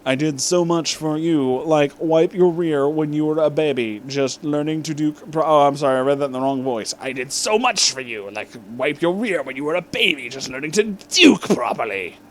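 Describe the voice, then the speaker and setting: A man's voice: a little high, animated, moderate pace, hardly any pauses, a little hiss or hum, natural voice. A man voicing a pompous, rotund male mad-scientist villain in a comedic fan-story reading, with theatrical bluster. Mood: indignant.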